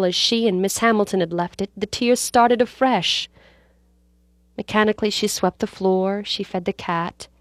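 A woman reads a story aloud with measured, dramatic pacing, at a mid-range pitch. The sound is dry and close, with no room around it. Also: no echo. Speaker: narrator. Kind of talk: scripted storybook narration.

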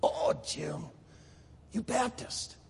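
A man voicing teasing, puzzled male Israeli farm workers in a high, laughing, pleading voice. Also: lively intonation, very slow, creaky, darkish tone, breathy edge, in a large hall, full character voice.

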